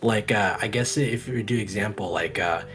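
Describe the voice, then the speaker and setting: A man's voice: on the low side, normal speed, fairly bright tone. Rambling male stream host. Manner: rambling, self-correcting. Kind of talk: casual live stream chat.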